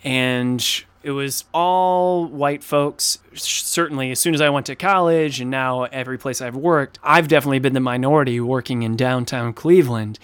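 A man's voice: mid-range voice, normal speed, few pauses, smooth, no room sound. A man from Ohio hosting a podcast about games, talking earnestly and playfully in casual chat. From Ohio, USA. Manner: earnest, playful, speeds up when excited. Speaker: podcast host and game publisher.

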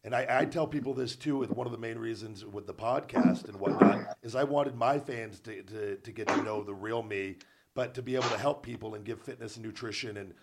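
A man's voice: lowish voice, gravelly, noisy background. Earnest man hosting a podcast. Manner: earnest, encouraging, quick to agree. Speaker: podcast host. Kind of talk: casual interview chat.

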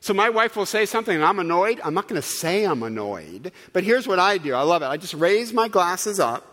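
Guy preaching in a big echoey hall, lively up and down voice, kinda high, jokes around with the crowd. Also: fairly quick. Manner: animated, humorous preaching with asides to the congregation. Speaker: pastor. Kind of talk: sermon. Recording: long hall reverb.

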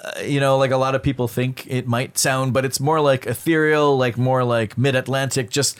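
A middle-aged male voice actor chatting casually on a podcast, animated and full of fillers. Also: medium pitch, smooth. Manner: fast, animated storytelling with many fillers. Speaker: guest voice actor.

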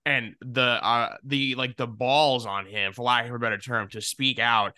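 A man's voice: medium pitch, steady tone, moderate pace, sharp tone, smooth, no room sound, clean studio sound. A man co-hosting a sports talk podcast, bluntly venting his frustration. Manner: exasperated, blunt criticism. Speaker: podcast co-host.

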